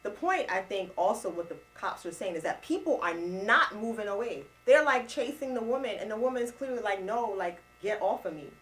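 A woman from Trinidad co-hosting a chat show, animated and quick to laugh and correct her partner. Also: a little high, poor audio. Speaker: co-host. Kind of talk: casual chat show banter.

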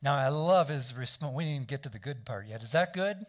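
A man's voice: mid-range voice, animated, fast talker. A man preaching a sermon in a conversational way, often asking the congregation to agree and correcting himself as he goes. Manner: frequent restarts and self-corrections. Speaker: pastor.

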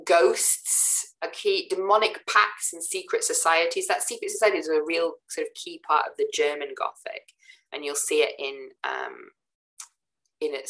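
Low-voiced woman giving a chatty lecture. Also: poor audio. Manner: chatty, many ums and "sort of" fillers; relaxed, casual asides to students. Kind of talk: recorded lecture over slides.

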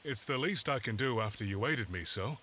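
An actor playing a kindly old parish vicar in a narrative game, speaking in a gentle, obliging manner. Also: male voice, medium pitch, animated, a little fast.

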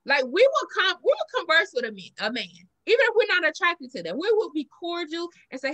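A woman's voice: very high-pitched, brisk, hardly any pauses. A woman with a Southern US accent co-hosting a podcast, telling stories in casual chat and acting out the lines she quotes. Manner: animated storytelling, acts out quoted lines. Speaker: podcast co-host.

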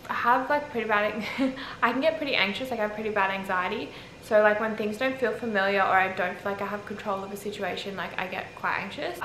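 A young Australian woman telling a travel story to camera in a rambling, chatty way, filling her speech with "like". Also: mid-range voice. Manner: rambling, heavy use of "like", animated retelling. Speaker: travel vlogger. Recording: echoey with faint ambient noise.

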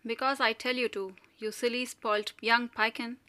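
A woman's voice: a little high, unhurried, pushed and bright. A woman voicing a domineering middle-aged mother who speaks sharply and severely, raising her voice to scold her family. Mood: severe, commanding.

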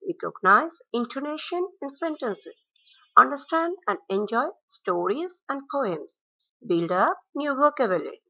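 A woman's voice: high-pitched, animated, sharp tone, slightly rough. Woman teaching vocabulary. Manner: reads words and meanings in a measured classroom cadence, switching into Bengali glosses. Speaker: school English teacher. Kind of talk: slide-based vocabulary lesson. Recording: dull lo-fi recording.

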